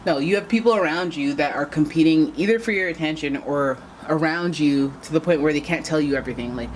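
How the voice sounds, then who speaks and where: A woman with a low voice reads tarot cards in a casual, chatty way. She talks straight to her viewers and wanders into playful asides, with a faint hiss in the background. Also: fairly quick. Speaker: tarot reader. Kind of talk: casual tarot reading to camera.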